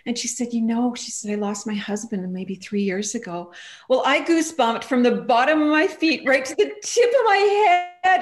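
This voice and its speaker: A woman, a guest author on an online radio show, telling personal stories in a casual, animated way and acting out the quoted voices. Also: on the high side, moderate pace. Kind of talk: casual interview chat.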